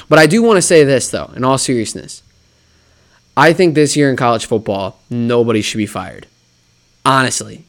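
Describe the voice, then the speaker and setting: A man hosting a solo sports talk show, riffing and mocking himself with lots of rhetorical questions. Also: on the high side. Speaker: sports podcast host.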